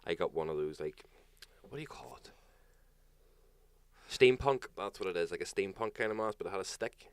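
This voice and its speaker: A man's voice: sits low, lively intonation, moderate pace, smooth, no echo. A man co-hosting a talk show, telling stories in casual chat, swearing and laughing as he goes. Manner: swearing, laughing anecdotal storyteller.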